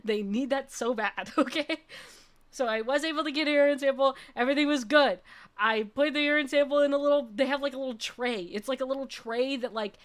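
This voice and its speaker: A young woman VTuber telling a story in a casual, animated way, laughing often and checking in with "okay?". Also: sits high, brisk. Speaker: VTuber streamer.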